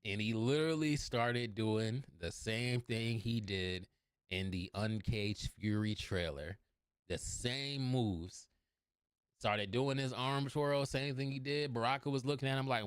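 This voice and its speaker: A man recapping a movie scene by scene in a casual, animated way, laughing often and swearing. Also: mid-range voice, unhurried, smooth, dry recording, studio quality. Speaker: movie reviewer.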